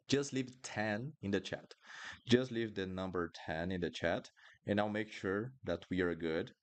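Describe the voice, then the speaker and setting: A man teaching a live online lesson, drilling sounds slowly and asking viewers questions. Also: on the low side. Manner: lively and encouraging, drills sounds slowly, asks the chat questions. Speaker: Portuguese teacher.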